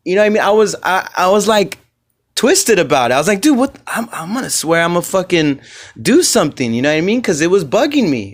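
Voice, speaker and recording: A male comedian rambles through his solo podcast in a slightly higher-than-average voice. He swears freely and wanders from point to point. He drops into quick voices when he quotes other people. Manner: loose, profane, rambling storytelling. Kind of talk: casual solo podcast chat.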